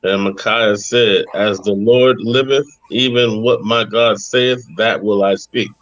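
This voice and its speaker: A man reading scripture aloud at a steady, measured pace in a bible study. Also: fairly low pitch, no room sound, muffled recording. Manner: steady, measured reading of old-style text. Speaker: scripture reader.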